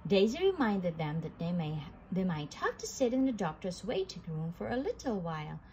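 A woman reading a children's storybook aloud in a gentle, expressive way. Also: lowish voice, normal speed, a little hiss or hum, poor audio.

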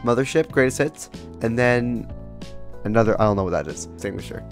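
A man chatting casually while playing a horror game with friends, excitable and jokey, calling out to the others. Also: mid-range voice, brisk, faint music behind. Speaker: gamer. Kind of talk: casual gaming chat.

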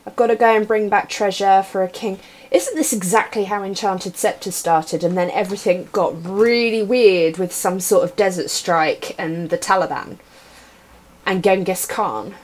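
In this casual live-stream commentary, a young woman plays a retro adventure game and chats playfully with viewers while typing commands. Her voice sits in the mid range with a slightly mellow quality, and keyboard typing can be heard behind her.

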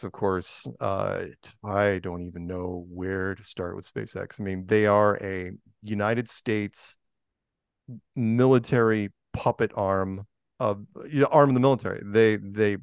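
A man's voice: on the low side, fairly even intonation, unhurried, smooth, dry recording, studio quality. A man talking as a podcast guest in a rambling way, full of fillers and restarts. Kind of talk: casual interview talk.

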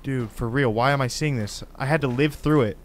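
A man hosting a gaming channel, giving excitable, slangy commentary as he plays a horror game. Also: medium pitch, a little fast, a little hiss or hum. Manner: excitable, exclamatory, casual slang. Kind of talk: let's play commentary.

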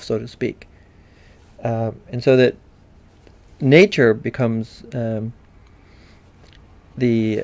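An American man giving a recorded university literature lecture in a digressive, halting way with many fillers. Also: mid-range voice, creaky.

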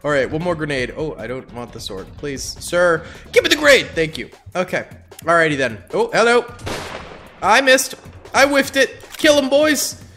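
A man's voice: on the high side, wildly swooping pitch, normal speed, pushed and bright, faint music behind. A young man hosting a gaming channel, giving goofy, hyped gameplay commentary full of yelps.

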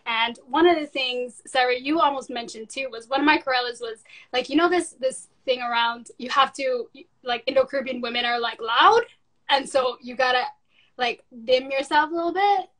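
A woman with a bright, fairly high voice moderates a panel discussion. She is enthusiastic and drops Caribbean slang into her long questions. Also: normal speed, low-quality recording.

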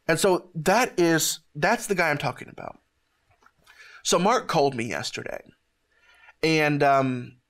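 A man hosting a ministry show, giving an emotional testimony in an earnest, halting way with many restarts, near tears. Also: medium pitch, a bit bright.

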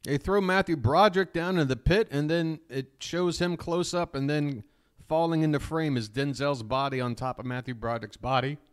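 A man hosts a live reaction stream in a loose, rambling way. He swears freely and speaks openly about his feelings, and his voice sits on the high side for a man. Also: normal speed, clear, resonant tone. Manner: rambling, profane, openly emotional. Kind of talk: casual reaction commentary.

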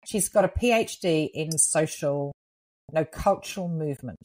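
A woman co-hosting a podcast in casual, animated chat, laughing often. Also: low voice, moderate pace, rough recording. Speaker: podcast co-host, medium.

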